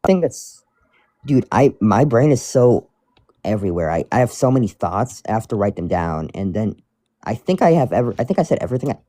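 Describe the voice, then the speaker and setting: A man talks casually as he reads fan mail aloud, rambling and often restarting mid-sentence. His pitch swings widely, his tone is warm and mellow, and the sound is close and dry. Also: very animated, fairly quick, no echo. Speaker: streamer reading fan mail. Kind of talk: casual chat.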